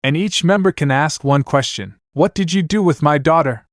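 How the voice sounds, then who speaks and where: A calm, firm queen who speaks with formal, measured care , as a man voices her. The voice sits high and comes across dry and near. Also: no room sound, close to an everyday voice.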